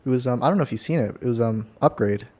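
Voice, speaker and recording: Young man, podcast co-host, casual chat, laid-back, laughs often, mid pitch. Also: rapid-fire, dark tone.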